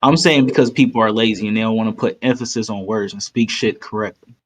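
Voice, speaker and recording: A man's voice: lowish voice, fairly even intonation, fast talker. A man hosting a casual podcast, blunt and argumentative, laughing between points. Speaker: podcast host.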